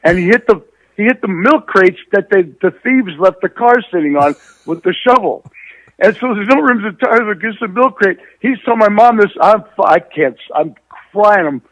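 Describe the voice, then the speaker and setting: A man in his sixties from New York, hosting and telling a story casually, swearing freely and shouting exclamations. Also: sits high, moderate pace, dry recording. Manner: profane, animated, shouts exclamations. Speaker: host. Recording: tinny phone-line sound.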